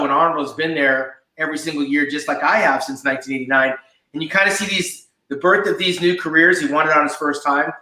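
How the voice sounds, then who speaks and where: A man's voice: on the high side, sharp tone. A man in his fifties, co-hosting a podcast and telling stories with enthusiasm. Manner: enthusiastic storytelling. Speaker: podcast co-host. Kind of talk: casual chat. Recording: echoey room.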